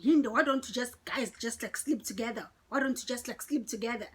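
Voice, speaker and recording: A woman voicing a jealous, irritated female coworker who needles in fast, repetitive bursts. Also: fairly high pitch, husky. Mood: needling.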